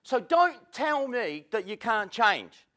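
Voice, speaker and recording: A man speaks on stage at a seminar, his voice pitched high and swinging up and down. He tells stories to the crowd in a chatty, self-mocking way. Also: big pitch swings, slow pace, bright, forceful tone. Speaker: motivational speaker. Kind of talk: live seminar talk to an audience. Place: seminar room with audience. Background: audience laughter.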